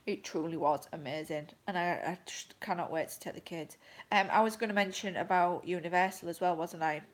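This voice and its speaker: A woman's voice: lowish voice, a little fast, poor audio. Rambling woman vlogging live. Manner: rambling, filler-heavy storytelling with laughter. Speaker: vlogger and mother. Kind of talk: casual livestream chat.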